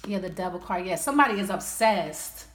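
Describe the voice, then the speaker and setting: A woman's voice: lowish voice, animated, brisk, fairly bright tone. Woman doing a tarot reading, talks it out card by card, swears a lot, kinda echoey room. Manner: blunt, profane, thinks aloud while pulling cards. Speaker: tarot reader. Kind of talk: casual tarot reading monologue. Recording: roomy echo.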